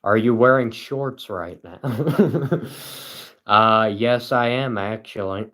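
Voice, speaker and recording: A man livestreaming at home, reading chat aloud and answering with deadpan sarcasm and frequent chuckles. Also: fairly low pitch, slow pace.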